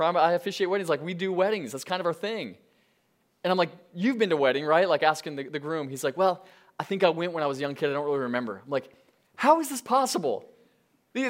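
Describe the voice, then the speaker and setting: A man in his thirties giving a sermon as a pastor, talking in a conversational, storytelling way with animated asides. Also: fairly high pitch.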